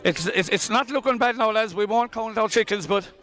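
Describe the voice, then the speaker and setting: An Irish man giving live, openly partisan commentary on a hurling match outdoors, excitable and often shouting. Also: high-pitched, brisk. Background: crowd and outdoor ambience.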